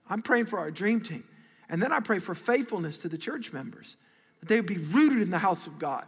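A middle-aged man, a pastor, preaching an animated, conversational sermon and calling for responses from a large congregation. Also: high-pitched, long reverb tail. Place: large church auditorium.

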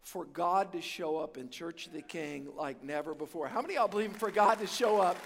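A man's voice: fairly high pitch, brisk, creaky, in a large hall, slight background noise. A pastor preaching a sermon to his congregation, full of call-and-response and repeated words as he builds to key points. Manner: repeats words and restarts phrases, stretches key words. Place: large church auditorium.

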